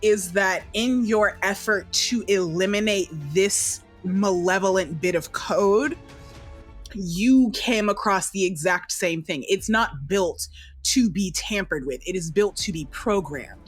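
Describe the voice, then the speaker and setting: A woman running a tabletop game as dungeon master, narrating slowly in a casual, descriptive way. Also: medium pitch, husky, faint music behind. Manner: slow, descriptive, casual swearing.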